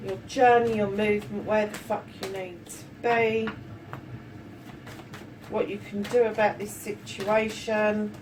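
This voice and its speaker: A woman's voice: mid-range voice, little pitch movement, a little slow. A woman giving a casual tarot reading, chatty and affectionate, swearing freely and calling her viewers darlings. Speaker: tarot reader. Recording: slightly distant mic with faint room noise.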